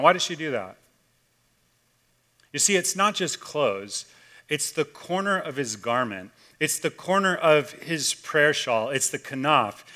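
Male pastor, bright and slightly high voice, casual storytelling sermon, swings loud to hushed. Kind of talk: conversational sermon.

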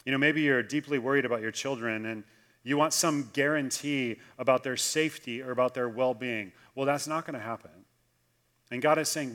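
A man preaching a sermon as pastor, telling stories and slowing down to drop softly on the key lines. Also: mid-range voice. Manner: storytelling, slows for emphasis and drops soft on key lines.

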